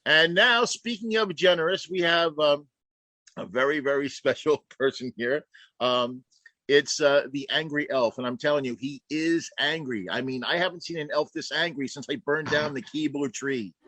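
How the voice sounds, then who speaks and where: A man hosting a comedy roast, introducing guests with quick jokes and hype. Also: a little high, pushed and bright, dry recording. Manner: jokey, hyping up guests. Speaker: roast host. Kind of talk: live comedy emceeing.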